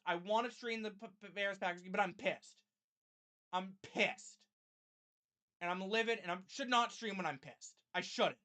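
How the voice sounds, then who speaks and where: A woman streamer reacting live to a football game. She calls the plays in an even voice, then launches into a blunt, swearing rant. Her voice sits at a middling pitch. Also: normal speed. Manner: angry ranting with heavy swearing; play-by-play calling of the game.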